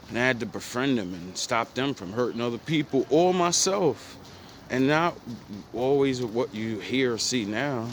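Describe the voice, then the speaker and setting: A man from New Jersey giving an intense, profane motivational talk in street slang, at times rising to pleading shouts. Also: mid-range voice, slight background noise. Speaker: motivational speaker. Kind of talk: passionate monologue.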